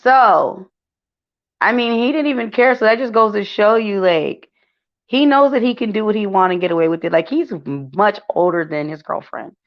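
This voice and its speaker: A woman's voice: mid-range voice, normal speed. A woman hosting a casual celebrity gossip commentary, chatty and full of fillers, talking to her viewers as y'all. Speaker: gossip channel host. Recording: dull lo-fi sound.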